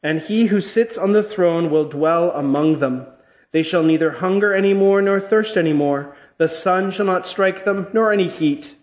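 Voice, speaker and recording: A man leading a church service as pastor, reading scripture and then praying in an earnest, measured way. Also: high-pitched, highs cut off.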